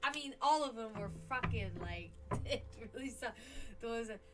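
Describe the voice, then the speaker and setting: On a low-quality recording, a woman with a highish voice and lively intonation runs a live tarot stream at a moderate pace. She chats casually, swears now and then, and coos baby talk to her cat and other pets between readings.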